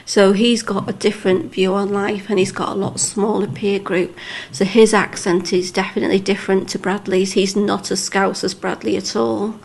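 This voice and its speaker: A woman in her forties speaks in a Lancashire accent that has picked up a little Liverpool twang. She talks frankly and chattily, with easy laughter. Her pitch sits in the middle for a woman. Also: level tone, normal speed, vocal fry, hardly any pauses. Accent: Lancashire with a touch of Liverpool. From Lancashire, England. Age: 40s. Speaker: interviewee. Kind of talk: casual chat.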